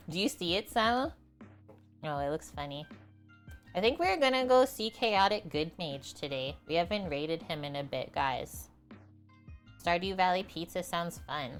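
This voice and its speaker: A woman's voice: on the low side, expressive, a little slow, long pauses, faint music behind. A woman hosting a cooking livestream, chatting casually with viewers and laughing easily. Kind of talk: casual chat with stream viewers.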